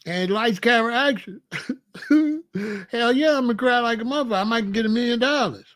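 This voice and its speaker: A man's voice: very high voice, fairly quick, fairly bright tone. A man hosting his own commentary channel, joking and bragging in a casual, streetwise rant.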